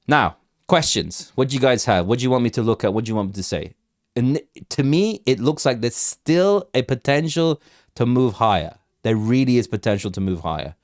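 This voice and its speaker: Hosting a crypto livestream, a man with a lowish, darkish voice rambles through market levels as casual live commentary. He restarts sentences, repeats words and keeps asking chat what to look at, recorded close and dry with no room sound.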